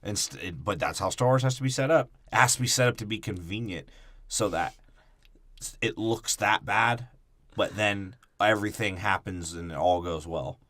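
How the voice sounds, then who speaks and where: A man's voice: fairly low pitch, moderate pace, fairly bright tone, no room sound, clean studio sound. A man co-hosting a casual podcast, rambling through irreverent jokes and swearing while discussing a film. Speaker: podcast co-host. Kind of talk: casual movie breakdown chat.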